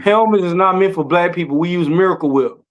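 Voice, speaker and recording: A man trades loud, teasing jokes with his co-hosts. His voice sits high and carries. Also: fast, highs cut off. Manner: loud, joking, teasing trash talk. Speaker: podcast co-host. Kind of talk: casual chat.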